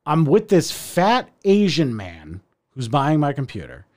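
A man telling a story in casual chat, animated and profane, acting out the people in it. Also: a little slow. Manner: animated, profane, acts out voices with big pitch jumps. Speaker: podcast co-host telling a story.

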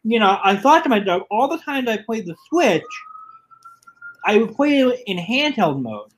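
Man, fairly high voice, casual chat, animated, quick asides. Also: slight background noise, poor audio.

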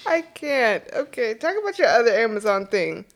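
Female co-host, expressive swinging voice, giggly. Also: a little high, moderate pace. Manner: giggly, playful. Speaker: podcast co-host. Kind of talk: casual podcast chat.

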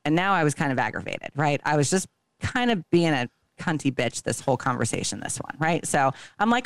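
A woman's voice: deep voice, very animated, fairly quick, no echo. Woman telling a story in a dry room. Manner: profane, acts out dialogue. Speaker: podcast co-host. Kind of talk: casual storytelling.

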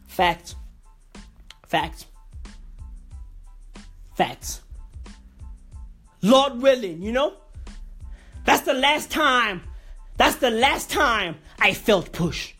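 A woman with a slightly rough voice delivers an excitable, profane comedic rant, packed with repeated slang catchphrases and sudden comic jumps in pitch.

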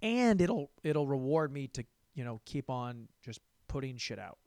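Very animated yet a little slow, a young man with a medium-pitched, darkish voice rambles through a casual monologue on his own podcast, where he's the host and a stand-up comic. He curses, pokes fun at himself, and keeps laughing; there's no room sound.

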